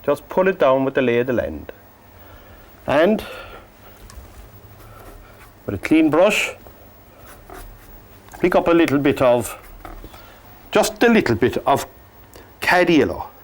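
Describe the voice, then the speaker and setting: Irish man, cork accent, painting teacher, soft and joking, slightly high voice. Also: big pitch swings, slow, long pauses. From Ireland. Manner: gentle, joking, soft-spoken instructions. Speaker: painting instructor. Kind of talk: painting lesson with chatty asides.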